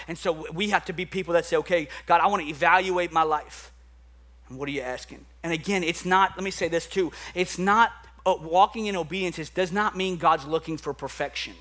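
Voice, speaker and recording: In the church sanctuary, a young man preaches with a slightly high, bright, forceful voice at a fairly quick pace. His sermon is earnest and emphatic, with words repeated as he builds momentum.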